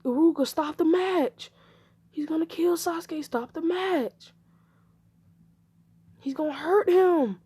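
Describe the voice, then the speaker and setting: A woman's voice: very high-pitched, slow pace, long pauses, warm tone, no echo, voice pushed up. A woman voicing an anxious female ninja leader who urgently pleads for a fight to be stopped. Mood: alarmed.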